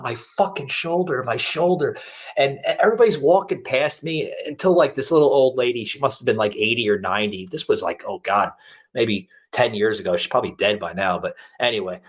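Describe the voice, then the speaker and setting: A man hosting a podcast, telling a rambling personal story in casual chat with plenty of restarts. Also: medium pitch. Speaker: podcast host.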